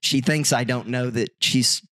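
A man's voice: mid-range voice, fairly even intonation, pushed and bright, no room sound, studio quality. Man doing a gloomy, heartbroken moth. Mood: despairing. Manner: slow, mournful confession to a doctor. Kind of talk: comedic bit told on a podcast.

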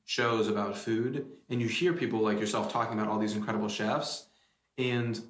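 A man with a lowish voice hosts a casual podcast, circling around his questions with many fillers. His voice carries a roomy echo, as if recorded in a bare room. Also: steady tone, a little fast. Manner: rambling questions with many likes. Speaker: podcast host. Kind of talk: casual interview chat.

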